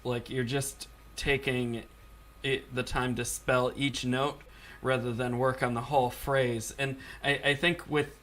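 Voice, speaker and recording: A man's voice: mid-range voice, little pitch movement, unhurried, a bit bright. A man judging a music competition who stammers and restarts while giving feedback, laughing easily. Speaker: competition judge. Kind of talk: spoken feedback to a young performer.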